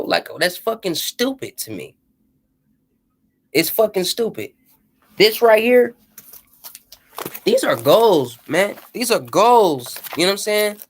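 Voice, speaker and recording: Profane, fired-up man ranting. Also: high voice. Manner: profane, emphatic, preachy; repeats "you know what I'm saying". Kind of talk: impassioned rant.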